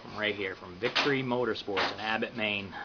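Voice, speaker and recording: A man hosting a video, giving a relaxed, casual tour of a dyno shop, with plenty of ums and uhs. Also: lowish voice, a little fast, noisy background. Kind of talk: casual walkthrough narration. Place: indoor dyno shop, crowd of people around. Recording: lo-fi camera audio with crowd chatter.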